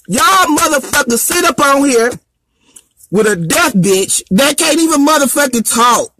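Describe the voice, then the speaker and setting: A man's voice: extremely high pitch, very animated, measured pace, bright, forceful tone. A male comedian ranting on a live stream, brash and profane, slipping into a sing-song, preaching delivery.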